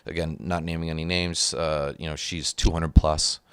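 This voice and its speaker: A man's voice: rumbling low, flat delivery, normal speed, a bit bright, smooth, dry recording. A man hosting a podcast, a trainer talking casually with lots of fillers and restarts. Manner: rambling, many fillers and restarts. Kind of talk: casual conversation.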